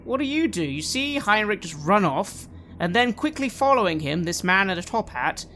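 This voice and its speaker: A woman narrating as game master for a tabletop roleplaying game, describing scenes in measured detail. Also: mid-range voice, very animated, a bit bright, a little hiss or hum.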